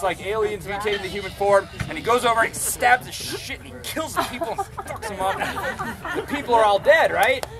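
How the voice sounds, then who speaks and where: A man leading a balloon ceremony, telling a rambling, profane, joking story to a group outdoors. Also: high voice. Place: outdoors among a gathered crowd. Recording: outdoor crowd chatter behind.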